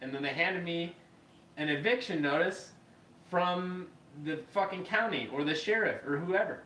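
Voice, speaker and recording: Bright, echoey man telling a story. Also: high-pitched, normal speed. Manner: profane, animated, acts out quoted voices. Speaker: podcast host. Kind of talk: casual storytelling. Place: live podcast room. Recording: echoey room, mic far off, faint noise.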